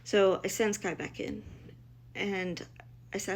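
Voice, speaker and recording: A woman's voice: medium pitch, slow, vocal fry, slight background noise. Blunt, emotional woman telling a story. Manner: emotional, blunt, quotes others in dialogue, many restarts. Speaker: mother telling her family's story. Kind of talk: personal storytelling.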